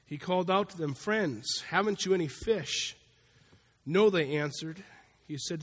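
A man preaching a sermon in a conversational, folksy way, acting out little asides as he goes. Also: on the high side. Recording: long hall reverb.

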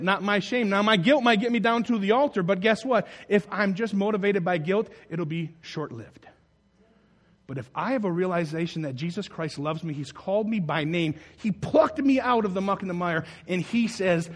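A man preaching a sermon, acting out the scenes in character voices and swinging from loud bursts to soft, low lines. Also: husky. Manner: animated, acts out the story in voices, rises loud then drops soft. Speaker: pastor.

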